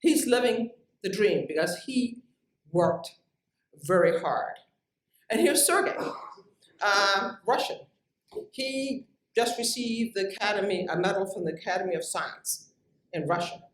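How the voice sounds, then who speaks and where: Her voice mid-range and a little slow, with long pauses, a woman scientist urges young researchers on in an emphatic, direct lecture enlivened by asides. It was recorded from a distance in a room with a lot of echo.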